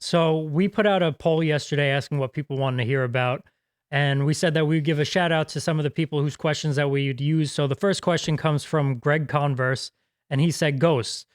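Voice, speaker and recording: A man reads a listener's question aloud for the host in a plain, even way. His voice is smooth and fairly high for a man. The sound is dry, with no room echo. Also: moderate pace. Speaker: podcast producer reading questions.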